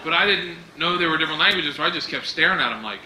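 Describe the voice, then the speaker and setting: A man performing a stand-up comedy set, telling a story in an animated way and often shouting. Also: fairly high pitch, very fast. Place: comedy club stage with audience. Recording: echoey club clip, loud noise.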